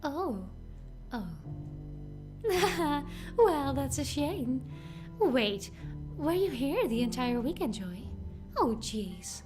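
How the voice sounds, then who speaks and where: Brief: woman doing an upbeat, apologetic girl; light, slightly high tone. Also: sing-song, slow, over music, heavily acted. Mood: breezy.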